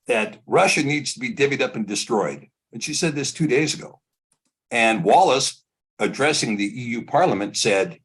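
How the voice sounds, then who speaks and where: A man hosting a live online show, giving discursive, opinionated commentary and building his points slowly. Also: medium pitch, a bit bright, husky. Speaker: host.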